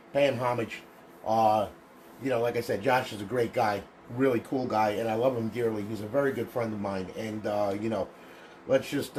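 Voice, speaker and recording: A man talking casually on a livestream as a console modder, chatty and profane, tagging his sentences with "okay?" and jumping into excited bursts between low asides. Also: a little hiss or hum. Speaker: console modder streaming to customers.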